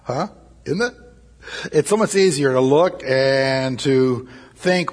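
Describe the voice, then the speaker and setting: A man's voice: mid-range voice, slow pace. A man preaching a sermon, emphatic and repeating his key phrases. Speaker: pastor.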